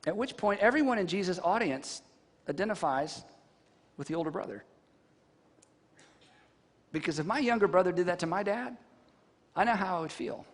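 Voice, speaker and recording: Man, sermon, high-pitched, animated storyteller, rhetorical questions, long hall reverb. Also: normal speed, long pauses. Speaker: pastor.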